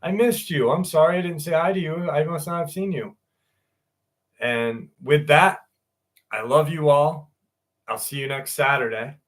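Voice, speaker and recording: A man's voice: fairly high pitch, measured pace, pauses often. A man hosting a live stream, chatting loosely with viewers, swearing and laughing easily. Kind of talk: casual sign-off chat with viewers.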